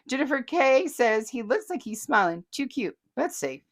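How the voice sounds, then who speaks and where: A woman's voice: fairly high pitch, big pitch swings, normal speed. A chatty woman, hosting a casual vlog and reading viewer comments aloud with frequent laughter. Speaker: host.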